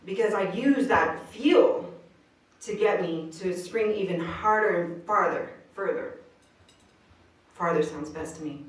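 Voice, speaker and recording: Her voice is on the low side and her pace measured as she gives a sincere motivational speech at a live venue, recounting her story in slangy, casual language. The sound is roomy and distant, like a live recording.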